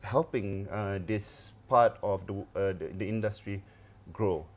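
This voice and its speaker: Low-voiced man, halting guest talk. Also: fairly even intonation. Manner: hesitant, many fillers and restarts. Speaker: comedy show organizer, guest. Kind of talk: studio interview.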